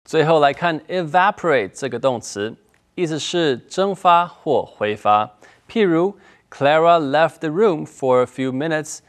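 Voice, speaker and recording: A man explaining English lesson points calmly in a bilingual segment. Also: on the high side, unhurried. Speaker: teacher explaining in Chinese.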